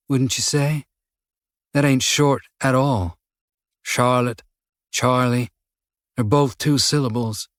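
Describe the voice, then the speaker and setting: A man voicing a menacing male prisoner with a Texan drawl, slightly nasal, talking slowly and mockingly. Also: mid-range voice, no room sound, clean studio sound, natural voice. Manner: slow, taunting, mocking. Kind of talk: audiobook character voice.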